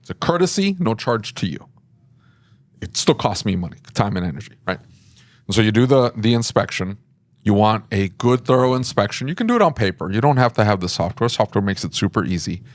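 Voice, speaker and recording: A man's voice: on the low side, expressive, fast, dry recording. A man hosting a casual podcast, who jokes around and then gives plain, step-by-step advice on running a repair shop. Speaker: podcast host and shop owner.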